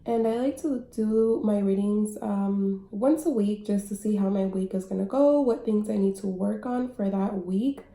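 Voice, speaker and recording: A woman vlogger chatting casually through an oracle card reading, a little out of breath, halting with many fillers. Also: medium pitch, warm tone, roomy sound.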